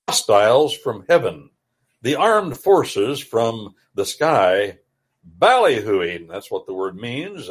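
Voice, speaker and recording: A man's voice: on the low side, breathy edge. A male radio host reading and explaining scripture in a folksy, emphatic, preacher-like way. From United States.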